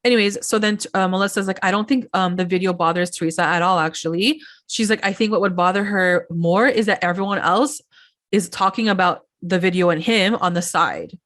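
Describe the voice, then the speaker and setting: A woman's voice: fairly low pitch, brisk, fairly bright tone. Chatty woman recapping reality TV. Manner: chatty, acts out quotes, many "like"s, laughs often. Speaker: podcast co-host. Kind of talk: casual pop-culture recap chat.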